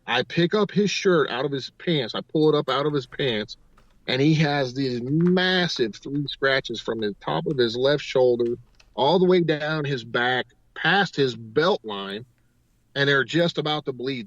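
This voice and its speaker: His voice is mid-range and a bit bright as this guest, a paranormal investigator, rambles through a long story on talk radio, joining clause after clause with "and." The lo-fi recording sounds dull and dry, with no echo.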